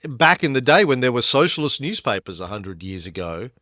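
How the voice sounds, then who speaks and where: A man co-hosting a history podcast, telling the story in a lively way and rising in pitch when he stresses a point. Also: brisk, no room sound, clean studio sound. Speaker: podcast co-host.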